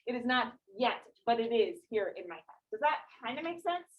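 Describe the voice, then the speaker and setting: A woman teaching a high school English class, explaining casually with lots of "like" and questions to the students. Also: sing-song, fairly quick, muffled recording. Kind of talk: classroom lecture.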